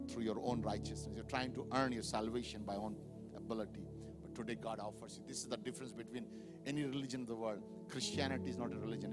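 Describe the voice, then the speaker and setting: A male pastor preaching a sermon to a live congregation, building from quiet reflection to loud, fervent exhortation. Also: on the low side. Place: church sanctuary with live congregation.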